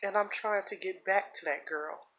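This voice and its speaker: A woman's voice: medium pitch, moderate pace, a bit bright, slight background noise, low-quality recording. A woman talks straight to her camera in a confessional vlog, in a mid-range voice. She is earnest and heartfelt and holds back tears, and she stumbles and repeats words as she goes. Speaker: vlogger.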